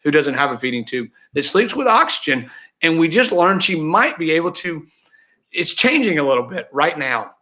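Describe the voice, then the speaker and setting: A man guesting in a casual interview, a real estate team leader, talks in a heartfelt, rambling way full of fillers and restarts. His voice is a little high, very animated, and sharp in tone at a moderate pace, captured in dull lo-fi audio.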